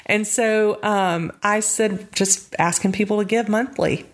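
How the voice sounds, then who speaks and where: A middle-aged woman telling her story as a guest in a casual interview, animated and quick to laugh. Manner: animated, acts out quotes with high pitch jumps, laughs often. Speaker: nonprofit founder, guest.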